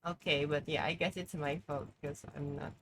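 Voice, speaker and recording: A woman's voice: low-pitched, fairly even intonation, moderate pace, slight background noise. A woman streaming live, commenting on her game in an exasperated, profane way, peppering her talk with "like". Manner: exasperated, profane, heavy use of "like".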